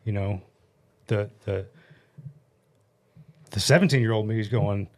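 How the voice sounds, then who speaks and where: A man in his forties from the United States, telling a story as a podcast guest in a blunt, animated way and swearing freely, into a studio mic. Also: lowish voice, a little slow. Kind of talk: casual storytelling chat. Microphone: studio mic on a stand.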